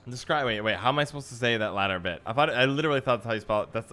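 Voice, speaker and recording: A man's voice: mid-range voice, rapid-fire, pushed and bright, smooth, soft background music. Chatty man streaming a card game. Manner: chatty, musing, self-deprecating. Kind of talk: casual livestream chat while gaming.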